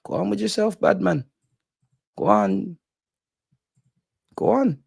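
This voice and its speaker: High-pitched, ranting man. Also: slow, creaky, husky, no echo, studio quality. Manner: animated, profane, exasperated ranting. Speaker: fan channel host. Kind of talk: ranting fan commentary.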